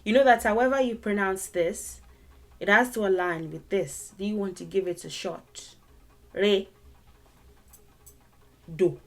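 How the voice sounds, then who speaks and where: A woman's voice: mid-range voice, fairly even intonation, moderate pace. A woman teaching a beginners' language lesson online, patiently repeating syllables and tones many times.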